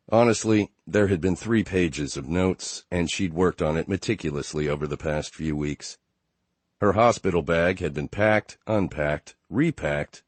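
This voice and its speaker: A man narrating a romance audiobook in steady first-person storytelling. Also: low voice, no echo. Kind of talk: scripted narration.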